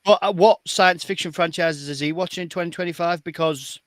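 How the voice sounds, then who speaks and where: A fairly high-voiced man in a casual podcast chat, emphatic and exasperated, circling back to the same point. The sound is close and dry, with no room around it. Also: steady tone, a little fast, no echo. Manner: exasperated, emphatic, repeats himself. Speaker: podcast co-host.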